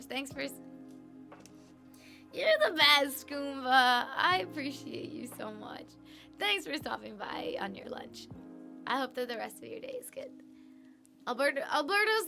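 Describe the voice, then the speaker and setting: A woman's voice: sits high, sharp tone. A young American woman streaming live, chatting casually with her chat, laughing often and singing along. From United States. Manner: bubbly, laughs often, sings along to music. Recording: faint music behind.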